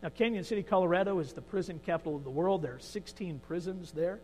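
A man with a high, bright preaching voice leads a sermon and tells the story with vivid emphasis. He drops to quiet asides, then rises again. A long reverb fills the hall around him. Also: fast talker, faint music behind. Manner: storytelling, shifting between hushed and emphatic. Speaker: pastor.

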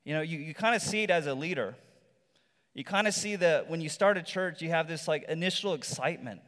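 A male pastor giving a sermon in a relaxed, conversational storytelling manner, with rhetorical asides to the congregation. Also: on the high side, fairly quick. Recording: long reverb from a large hall.

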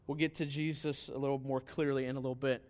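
A man's voice: medium pitch, little pitch movement, fast talker, darkish tone. A man pastor preaching a sermon, earnest and emphatic, often asking rhetorical questions and answering them.

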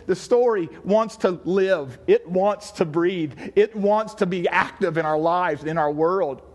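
A man preaching a sermon as pastor, animated, acting out voices and shouting at times for emphasis. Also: high voice.

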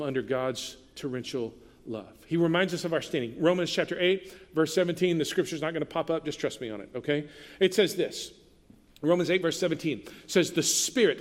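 A man preaching a sermon as pastor, earnest and conversational, dropping softly for tender quoted lines. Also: on the high side, big-room sound.

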